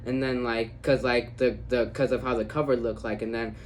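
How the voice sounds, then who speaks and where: A man talks through a movie review off the cuff, with a mid-pitched voice. He fills every gap with filler words, trips over restarts and pauses to think. He brightens into quick bursts of excitement over favorite moments. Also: a little hiss or hum, rough recording. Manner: rambling, filler-heavy with frequent "like" and "so, yeah". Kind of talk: casual unscripted movie review.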